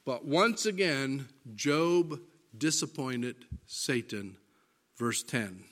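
A man preaching a sermon, deliberate and emphatic, reading scripture aloud. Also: mid-range voice, expressive, a bit bright.

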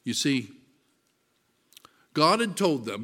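A man preaching a sermon, reading scripture aloud with deliberate emphasis, swelling loud on verses and dropping soft and low. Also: animated. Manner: slow, deliberate delivery, rising loud on verses and dropping to near-whisper.

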